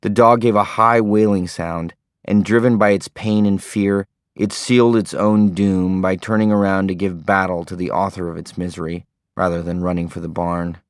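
A man narrating an audiobook in a steady, understated way. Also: low-pitched, normal speed, clear, resonant tone, no room sound, studio quality. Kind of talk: scripted narration.

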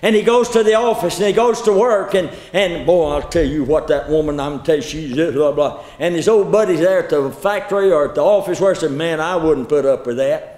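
A man preaching a folksy sermon. He tells stories, repeats words and draws some phrases out slowly. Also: on the high side, darkish tone. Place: church lecture hall. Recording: echoey hall.

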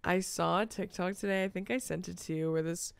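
Young woman, podcast co-host, casual chat, laughs and swears, very clear, dry close mic. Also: fairly low pitch, fairly even intonation, fairly quick, no room sound.

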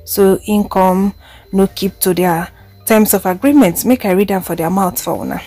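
A woman's voice: medium pitch, moderate pace, dark tone, soft background music. A woman with a Nigerian accent giving casual gossip commentary as a vlogger, chatty and switching between Pidgin and English.

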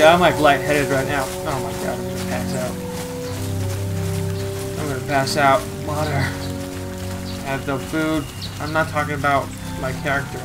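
A young man giving let's-play commentary, excitable, with melodramatic outbursts and mild swearing. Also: mid-range voice. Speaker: gamer. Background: game music.

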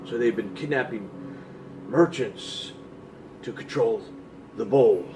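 A game master voicing a wild-haired old male lighthouse keeper who rambles with halting restarts. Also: medium pitch, recorded from a distance, background noise, close to an everyday voice. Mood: frantic.

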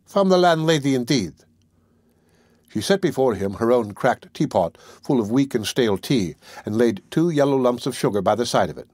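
A male audiobook narrator reads a classic novel in a measured, even tone, sitting in the middle of a man's range. The recording is dry, with no room echo. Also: medium pitch, breathy edge.

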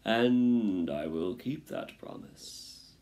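A man voicing a sly, scheming male rat who talks in a drawn-out, mock-polite way in a storybook reading. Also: on the low side, lively intonation, a little mellow, full character voice. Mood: coaxing.

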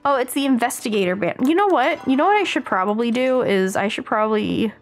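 An American woman streaming a game, chatting excitedly with her viewers as she plays. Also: high voice, normal speed, soft background music. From United States. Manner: chatty, excitable, talks to chat while playing. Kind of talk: casual live-stream chat while gaming.

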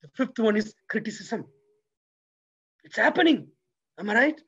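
Husky man lecturing, asking the crowd. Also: sits high, moderate pace, lo-fi sound. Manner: asks the audience rhetorical questions; lively, preacherly delivery. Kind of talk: motivational religious talk.

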